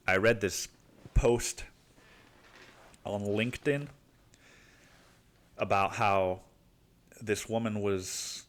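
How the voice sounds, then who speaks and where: A man's voice: lowish voice, very slow, long pauses. A man from Mexico hosting a solo podcast, rambling casually, swearing a lot and calling the listener dude. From Cancun, Mexico. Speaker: podcast host.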